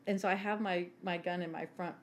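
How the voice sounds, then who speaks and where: A woman's voice: on the low side, steady tone, fairly quick. A woman in her forties telling stories in casual chat as a podcast co-host, brash, laughing and swearing freely.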